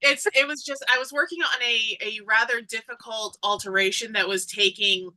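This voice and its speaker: A woman hosts a casual chat with a very bright, sharp tone and a slightly high pitch. She laughs often while telling her story. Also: steady tone, normal speed, poor audio. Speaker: host.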